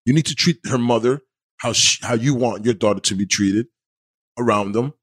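A male podcast host in loose, casual conversation, swearing freely and leaning on verbal tics. He turns earnest and a little preachy when handing out advice. His voice sits at an ordinary male pitch. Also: moderate pace, a bit bright. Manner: profane, peppers talk with "you know what I'm saying". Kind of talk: casual chat.

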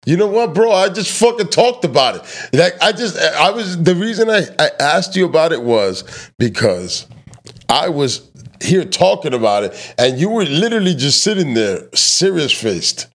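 Podcast host, man, loud and profane, swoops all over his pitch, casual banter. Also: very animated, moderate pace. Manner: loud, joking, swears freely, teases his guest. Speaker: truck driver.

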